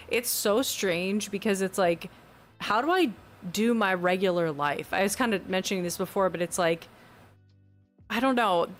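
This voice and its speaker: A woman's voice: medium pitch, fairly bright tone. A young woman chatting casually on a live stream from her new home, talking into a desk USB mic without a pop filter. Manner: chatty, rambling, giggly. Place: new home with fan and AC running.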